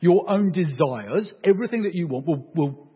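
A man preaching a sermon, animated and joking with his congregation. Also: on the high side, normal speed, breathy edge. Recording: phone-like, echoey hall sound.

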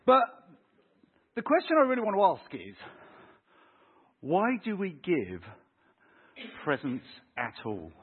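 A man preaching a lively sermon, acting out little scenes with family voices. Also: high voice, slow pace, long pauses, husky. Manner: animated, acts out voices of kids and parents. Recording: tinny phone-like sound.

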